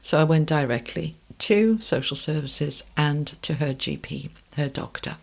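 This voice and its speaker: Calm, measured British woman. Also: sits low, creaky. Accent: British English. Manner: calm and measured, drops to a soft hush at times. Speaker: podcast host. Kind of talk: personal storytelling monologue.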